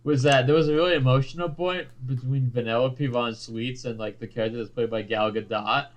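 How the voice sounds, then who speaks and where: A man's voice: medium pitch, steady tone, brisk, highs cut off. A young man co-hosting a podcast, chatting casually, joking and swearing a lot. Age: young adult. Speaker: podcast co-host. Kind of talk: casual chat.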